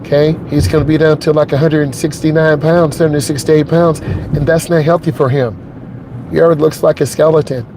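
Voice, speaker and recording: With a slightly high voice and a steady tone, a middle-aged driving instructor talks a little fast to his viewers while driving his truck. Though emotionally shaken and earnest, he repeats his points and keeps asking "okay?"; background noise is present.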